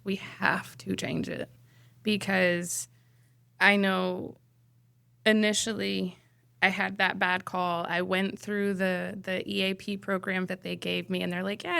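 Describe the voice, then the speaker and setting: Gravelly-voiced woman paramedic, candid. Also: mid-range voice, a bit bright, no echo. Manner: candid, storytelling, blunt. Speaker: paramedic guest. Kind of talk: casual podcast interview.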